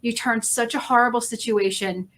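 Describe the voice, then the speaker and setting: A woman hosting a casual interview over a video call, effusive and heartfelt, rambling warmly with lots of fillers. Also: on the high side, fairly even intonation, moderate pace. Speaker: host. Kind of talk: emotional casual interview chat.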